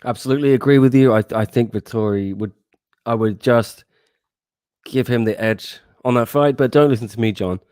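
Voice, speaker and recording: A man hosting a sports podcast in casual chat, relaxed and self-deprecating, reading out viewer comments. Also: mid-range voice, normal speed, no echo, studio quality. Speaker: podcast host.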